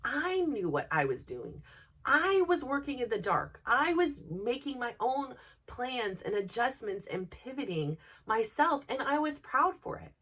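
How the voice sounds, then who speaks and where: A woman's voice: fairly high pitch, very animated, measured pace, fairly bright tone, husky, recorded from a distance. A woman hosting a podcast, talking candidly and earnestly to her listeners in a personal motivational monologue. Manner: earnest, open and personal, speaking directly to listeners. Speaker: podcast host.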